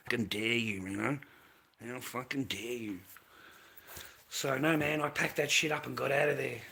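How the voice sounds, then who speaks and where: Medium in pitch, his voice is bright and forceful. This Australian vlogger spins a lengthy tale in a casual monologue that's profane and repetitive, addressing the listener as mate and bro.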